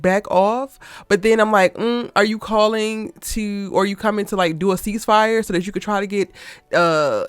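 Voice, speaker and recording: Brief: sassy female recap host, animated, dry close sound. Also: a little high, no room sound. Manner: sassy, animated, heavy slang and cursing. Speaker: soap opera recap host. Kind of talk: casual commentary vlog.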